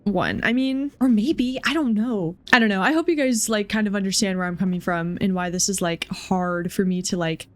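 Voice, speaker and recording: Talking at a moderate pace with few pauses, a young woman with a medium-pitched voice comments on the game she's playing. As a gaming streamer doing let's play commentary, she's rambling, emotional, and full of fillers.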